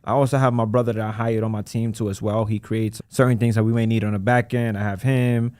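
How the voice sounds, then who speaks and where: A man who runs a credit repair business appears as a guest on a casual podcast, talking in an animated, emphatic way with plenty of slang. His voice is fairly low and fast, with no echo.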